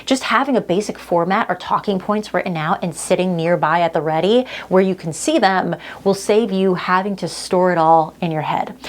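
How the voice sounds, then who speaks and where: A young adult woman coaching viewers on being comfortable on camera. She speaks in an upbeat, direct way and talks with her hands. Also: mid-range voice. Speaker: video coach. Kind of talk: on-camera tips presentation.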